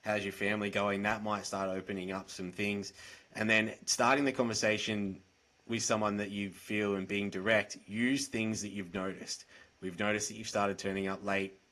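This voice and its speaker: Earnest, direct Australian man, lower voice. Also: little pitch movement, moderate pace, fairly bright tone. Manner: direct, earnest, plain-spoken. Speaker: podcast guest, mental health advocate. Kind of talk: candid conversational storytelling.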